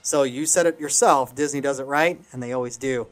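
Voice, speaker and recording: A man's voice: mid-range voice, fairly quick, faint music behind. A man hosting a podcast in casual chat, upbeat and chatty, with playful asides and frequent restarts. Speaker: podcast host.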